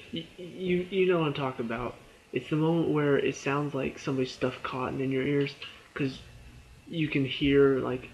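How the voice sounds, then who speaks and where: A man giving a casual spoken review of a TV episode. He retells the scenes in an excited rush, with lots of fillers. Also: medium pitch, low-quality recording.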